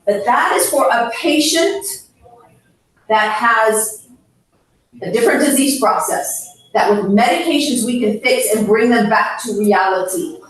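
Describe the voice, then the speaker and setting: Woman giving a seminar talk, frank and lively, a bit high voice, echoey room, heard from far off. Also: a little slow. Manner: lively, frank, laughs often and acts out scenes. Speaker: hospice educator.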